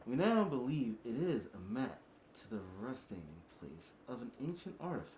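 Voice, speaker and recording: A man doing a male master assassin reading a formal letter aloud in a put-on accent, his voice muffled behind a mask. The pitch swings widely as he reads in a stiff, halting way. The room gives it a roomy echo. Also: big pitch swings, darkish tone, slight background noise, natural voice.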